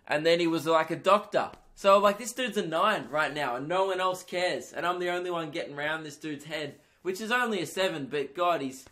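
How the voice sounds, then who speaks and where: A young man hosting a comedy podcast, telling a crude, self-mocking story in an animated stand-up style. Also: on the high side.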